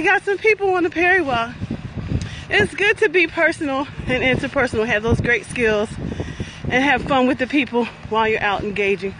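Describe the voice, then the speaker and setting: Upbeat high-voiced woman walking outdoors. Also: animated. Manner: upbeat and cheering, talks while walking briskly. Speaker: wellness facilitator hosting a walking livestream. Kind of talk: live walking vlog, chatty. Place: outdoors in a lakeside garden with traffic nearby. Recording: outdoor phone audio with traffic noise.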